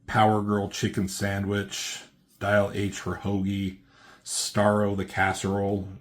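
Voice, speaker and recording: Low-voiced, laid-back comic book reviewer guy. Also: monotone, unhurried. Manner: rambling, filler-heavy, laid-back. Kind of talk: casual comic recap.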